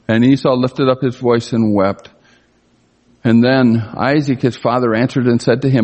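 A man's voice: mid-range voice, normal speed, a little mellow. Man preaching in an echoing hall. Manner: reads scripture then comments conversationally, emphatic swings. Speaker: pastor. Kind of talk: expository sermon. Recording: long reverb of a large hall.

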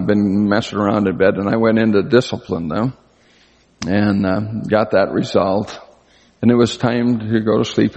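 An older man with a husky voice preaching an earnest, conversational sermon, his pitch leaping up for emphasis. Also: darkish tone, dull audio. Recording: long hall reverb.

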